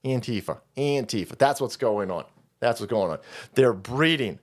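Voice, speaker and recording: A man's voice: medium pitch, lively intonation, normal speed, breathy edge. A man hosting a livestream, delivering a heated, profane and mocking political rant. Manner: foul-mouthed, mocking, heated ranting. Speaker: streamer host.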